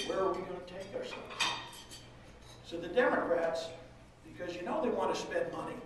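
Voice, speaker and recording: A man's voice: high-pitched, background noise. Rousing man speaking in an echoey hall. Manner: folksy, rousing oratory. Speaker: state legislative leader. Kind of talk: political rally speech. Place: large room at a political event. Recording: echoey hall, far from the mic.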